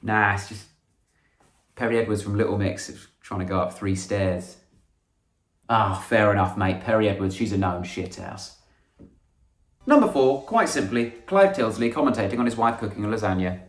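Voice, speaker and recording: A man's voice: on the low side, expressive, normal speed, recorded from a distance. Dry, sarcastic man, echoey room. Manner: dry, sarcastic delivery with mock-dramatic outbursts. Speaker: comedian host. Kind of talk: scripted comic monologue. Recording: echoey room with faint music.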